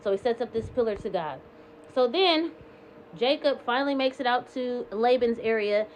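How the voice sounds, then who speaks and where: This woman, a Bible reading vlogger, speaks with a fairly high, animated voice at a moderate pace, and a slight hiss or hum sits under the audio. She casually paraphrases scripture, slipping in and out of direct quotes and leaning heavily on "like" and "um."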